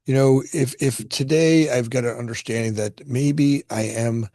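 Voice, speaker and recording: A man's voice: medium pitch, unhurried, no echo. A middle-aged man from Florida spins a personal story in loose, conversational fashion. He restarts phrases and repeats words as he goes, rising and falling with feeling. The sound is dry and close. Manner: animated, repeats words often when starting sentences. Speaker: guest, construction company founder.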